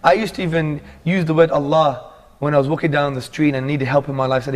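A man's voice: fairly high pitch, fast. Earnest man telling a heartfelt story. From England. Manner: animated, earnest, calls the listener "bro". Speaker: guest telling his conversion story. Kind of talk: casual interview storytelling.

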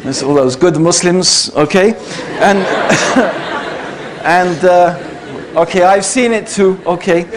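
British male speaker with a high voice, addressing a live audience in a chatty lecture style. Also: slow pace, a crowd in the background. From Britain. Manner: conversational, checks in with the audience. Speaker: speaker giving a talk to an audience. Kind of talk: public lecture.

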